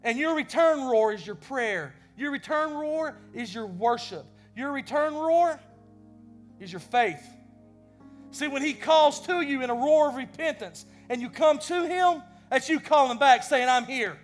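A man preaching a sermon with passion, swinging between loud bursts and quiet lines, often repeating words as he goes. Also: extremely high pitch, animated, a little slow, soft background music. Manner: impassioned, rising and falling in loudness; repeats words when stumbling.

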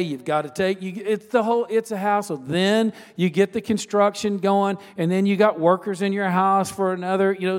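A man preaching a sermon as a pastor, telling a personal story in a conversational way with asides and repeated phrases. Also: high voice. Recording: long reverb of a large hall.

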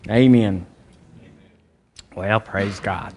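Emphatic Southern pastor preaching. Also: male voice, lively intonation, a little slow, long pauses. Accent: Southern American. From Alabama, US. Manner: emphatic preaching with sudden loud high rises. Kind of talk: charismatic sermon and prayer. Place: church sanctuary.

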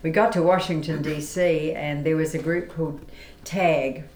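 Woman with a very low voice, lively anecdotes, roomy echo. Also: normal speed, a little hiss or hum. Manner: animated, laughing storyteller. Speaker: guest, songwriter.

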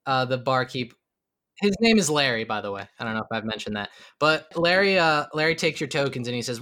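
A man's voice: mid-range voice, expressive, a little fast, sharp tone, smooth. A man narrating as game master in a tabletop game, loose and chuckling, with many fillers.

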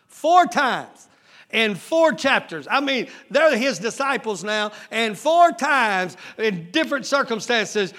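A man preaching a sermon as lead pastor, using drawn-out emphatic phrasing and calling out rhetorical questions to his congregation. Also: extremely high pitch, bright, forceful tone. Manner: drawn-out emphatic phrasing, stretching key words.

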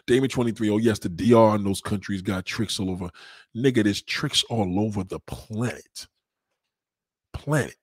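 A man hosting a live stream, reading viewer comments aloud and mocking them with loud, heavy-swearing swagger. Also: lowish voice, moderate pace, slightly rough, dry recording, clean studio sound. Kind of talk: profane live chat reading.

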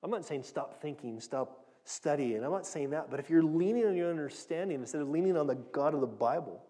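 A man's voice: a little high, lively intonation, fairly quick, mellow, in a large hall. A man preaching a conversational sermon, earnest and direct, often restarting and repeating his words. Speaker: pastor teaching a Bible passage.

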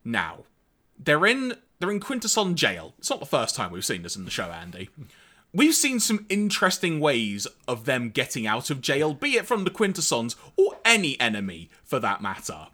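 Bright, lively man recapping. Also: mid-range voice, normal speed. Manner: animated, wry, summarizes plot with quoted lines. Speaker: podcast co-host recapping a cartoon episode. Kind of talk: casual recap chat.

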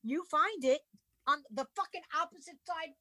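A woman from the US East Coast telling a story in casual chat, animated and exasperated, swearing a lot. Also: very high-pitched, moderate pace, a crowd in the background. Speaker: podcast co-host.

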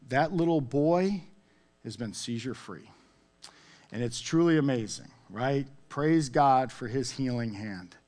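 A man preaching a sermon in a conversational way, often checking in with "okay?" and "all right?". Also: medium pitch. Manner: conversational, animated, with frequent "okay?" asides. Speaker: pastor.

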